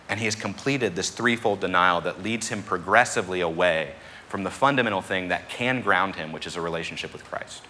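A man preaching a sermon in a conversational style, pushing hard on key words and then dropping back to a quieter tone. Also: low voice, slight background noise. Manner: conversational preaching with emphatic rises. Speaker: pastor.

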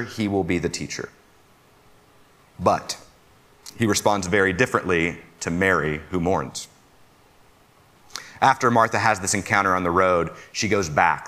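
A man's voice: lowish voice, bright, forceful tone. A man preaching a conversational sermon. He asks his listeners questions and counts himself among them as a fellow "fixer.".

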